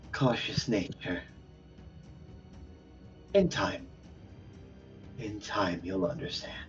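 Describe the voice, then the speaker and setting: A man voicing a soft-spoken sinister woman who leads a cult, talking in a coaxing near whisper over a dull lo-fi recording with faint music. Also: on the low side.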